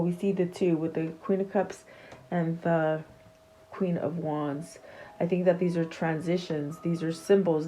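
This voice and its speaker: A woman giving a casual tarot reading straight to her viewers, talking in a soft, meandering way with plenty of fillers and restarts. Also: fairly low pitch, slight background noise, low-quality recording. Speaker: tarot reader.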